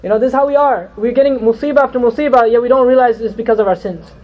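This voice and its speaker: A man teaching an Islamic lesson, telling stories in a lively, conversational way and slipping Arabic terms into his talk. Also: extremely high pitch, very fast, lo-fi sound. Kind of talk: storytelling religious lecture.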